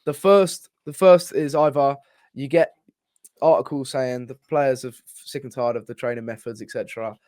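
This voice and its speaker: A man co-hosting a football podcast, talking in an excitable, sweary, rambling way with many restarts. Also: mid-range voice, moderate pace. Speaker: podcast co-host. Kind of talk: casual football chat.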